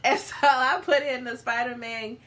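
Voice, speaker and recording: Bright giggly woman telling a story. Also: high-pitched, steady tone, moderate pace. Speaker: guest. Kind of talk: casual chat.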